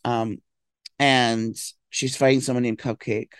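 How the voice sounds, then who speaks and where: A man's voice: medium pitch, level tone, measured pace, a bit bright, smooth, dry recording. Groggy rambling man, dry close mic. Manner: rambling, filler-heavy, with mock-tough bursts. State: groggy and slow-talking after a late night of drinking. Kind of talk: casual chat.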